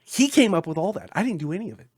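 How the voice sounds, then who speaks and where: A man's voice: high voice, rapid-fire, slightly rough, dry recording, clean studio sound. A young man on a podcast, casually telling a long story and acting out what people said. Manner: animated storyteller, acts out quotes, laughs often. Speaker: podcast co-host.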